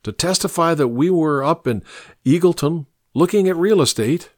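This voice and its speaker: A man's voice: fairly high pitch, moderate pace, dry recording, clean studio sound, voice pushed up, close to an everyday voice. A man voicing a remorseful, bewildered man in trouble, talking in a hesitant, pleading way. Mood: incredulous.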